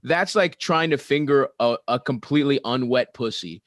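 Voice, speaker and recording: A man's voice: medium pitch, normal speed, no room sound, studio quality. A young man co-hosting a sports podcast in casual chat, making crude jokes and laughing often. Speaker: podcast co-host.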